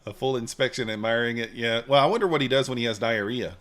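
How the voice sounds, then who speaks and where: A man's voice: mid-range voice, fast, fairly bright tone. A man hosting a live trading stream, chatting casually, joking and answering viewers' comments. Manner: laid-back, joking, reads and answers chat. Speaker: livestream trading host.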